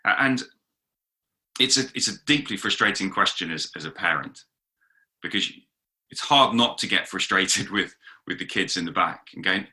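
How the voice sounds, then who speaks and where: A pastor, a man of middle age, preaching a sermon with lively storytelling and quoted voices acted out. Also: fairly low pitch, normal speed. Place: talk recorded for an online gathering.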